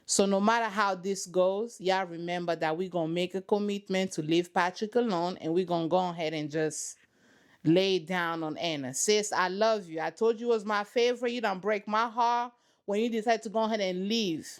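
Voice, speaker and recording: A woman's voice: medium pitch, normal speed. A woman hosting a reaction channel, giving sassy, dramatic running commentary on a reality show from her couch at home.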